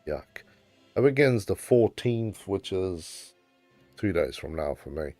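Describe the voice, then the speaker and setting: A man's voice: low voice, very animated, slow, mellow, dry recording, faint music behind. A man hosting a casual gaming livestream, chatting easily with his viewers and laughing often. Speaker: livestream host.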